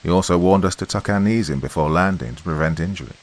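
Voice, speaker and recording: A man reading a scripted horror story as podcast narrator, in a measured, steady storytelling manner. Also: low voice, low-quality recording.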